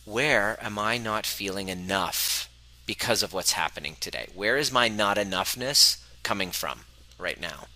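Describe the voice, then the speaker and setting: Bright-voiced man coaching earnestly. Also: fairly low pitch, expressive, measured pace, rough recording. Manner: earnest, self-reflective, acts out inner voices. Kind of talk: live coaching talk.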